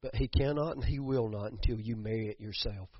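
A man's voice: on the low side, brisk, slightly rough, no echo. A man preaching a sermon, building to emphatic bursts and repeating words as he goes. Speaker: pastor. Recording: dull muffled sound, dry.

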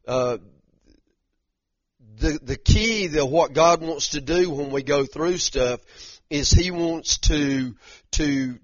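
A man's voice: fairly high pitch, no room sound, highs cut off. A man preaching a sermon in a conversational way, often restarting and repeating words as he talks straight to the congregation. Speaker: pastor.

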